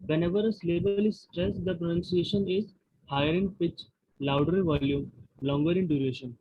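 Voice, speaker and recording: A man's voice: on the high side, fairly even intonation, a little fast, slightly rough, no room sound. A man student reading notes aloud in class, careful and stopping to restart words. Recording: dull lo-fi recording.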